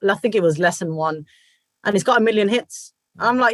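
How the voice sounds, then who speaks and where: Brief: British woman, 40s, lively guest telling stories, dry close mic. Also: medium pitch, fairly quick, no echo. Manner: energetic, animated, acts out quoted voices. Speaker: guest, dhol player and group founder. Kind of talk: casual interview chat.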